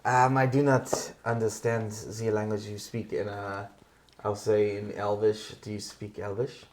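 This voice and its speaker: A man casually playing a tabletop role-playing game, talking haltingly with many fillers. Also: lowish voice, little pitch movement, darkish tone, a little hiss or hum. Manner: halting, lots of fillers, switching into character lines. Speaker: player.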